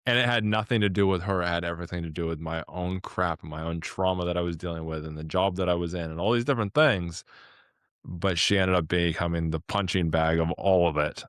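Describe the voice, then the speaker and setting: A man's voice: a little fast, fairly bright tone, no room sound, studio quality. A man hosting a podcast interview, talking earnestly and emotionally, at times getting teary. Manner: mimics himself with a much higher voice in quoted asides. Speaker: podcast host. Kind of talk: casual interview chat.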